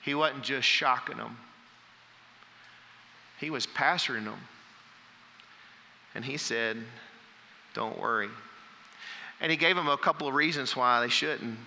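Male pastor, sermon delivery, strongly bright tone, long hall reverb around him. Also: mid-range voice, measured pace, creaky, pauses often, slight background noise. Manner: preaching with rising emphasis and scripture reading.

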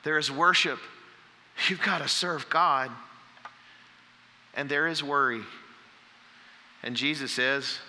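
Male pastor, sermon delivery, strongly bright tone, long hall reverb around him. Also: fairly high pitch, fairly even intonation, takes it slowly, long pauses, slight background noise. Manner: preaching with rising emphasis and scripture reading.

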